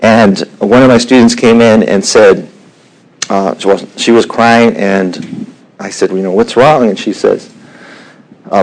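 A middle-aged man teaching a Bible lesson in an unhurried way, with frequent fillers and the odd throat clearing. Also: fairly low pitch, fairly even intonation, rough recording.

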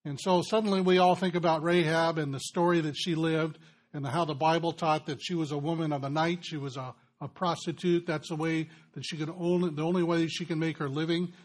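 A middle-aged man preaching to a men's gathering. His voice sits a little high for a man. He tells stories in an earnest, conversational way. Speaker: pastor. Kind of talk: sermon.

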